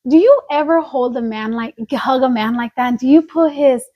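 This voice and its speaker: A woman's voice: high voice, moderate pace, highs cut off. A woman co-hosting a casual gossip podcast, telling stories and acting out what people said. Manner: animated storytelling, acting out quotes. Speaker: podcast co-host.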